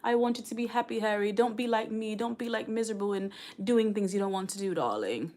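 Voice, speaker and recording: A woman's voice: medium pitch, fast talker, a little mellow, pitched above the performer's own voice, close to an everyday voice. A woman doing a tender British royal mother. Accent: British, put on. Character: gentle loving royal mother, a woman speaking softly to her son.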